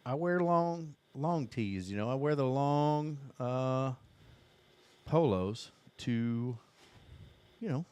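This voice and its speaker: A man's voice: mid-range voice, takes it slowly, darkish tone, clean tone. A man with a Southern Indiana accent, telling a long comic story on a podcast, cursing freely. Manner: profane rambling storyteller. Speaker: podcast co-host. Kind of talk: casual storytelling.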